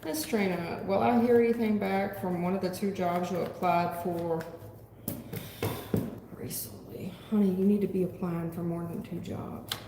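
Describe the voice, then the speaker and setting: A woman's voice: fairly low pitch, moderate pace. Blunt woman reading tarot in echoey room. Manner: blunt and profane, animated, talks back to chat. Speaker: tarot reader. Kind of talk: live-stream tarot reading. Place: home room. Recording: echoey room with long reverb, faint noise.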